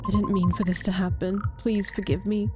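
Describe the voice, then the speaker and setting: A woman's voice: medium pitch, flat delivery, over music, close to an everyday voice. A woman voicing a desperate, guilt-ridden young protagonist in a horror game, pleading tearfully. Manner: pleading, tearful, slow and raised.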